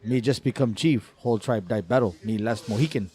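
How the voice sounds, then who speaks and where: A male comedian voicing a boastful male chief who talks in broken pidgin inside a dirty joke, delivered blunt and deadpan. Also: on the low side, fairly quick, natural voice.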